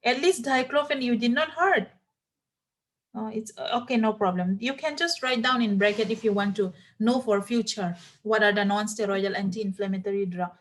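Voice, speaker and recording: A woman's voice: mid-range voice, moderate pace, a little hiss or hum. A woman teaching a classroom lecture, who repeats herself, spells out words letter by letter and uses many fillers like "uh" and "like". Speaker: nursing teacher.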